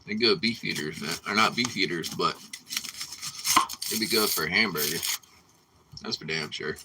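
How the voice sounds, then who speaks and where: A low-voiced man hosts a casual live cooking stream from his home kitchen, talking at a moderate pace. He chats loosely with viewers and swears freely. Background noise can be heard.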